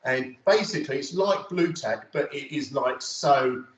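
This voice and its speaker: Give me a chatty photography lecturer, recorded from across an echoey studio. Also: male voice, medium pitch, a little slow. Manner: chatty and rambling, many fillers. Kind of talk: casual studio demonstration to students. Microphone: phone camera from across the room. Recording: roomy, distant, dull audio with faint noise.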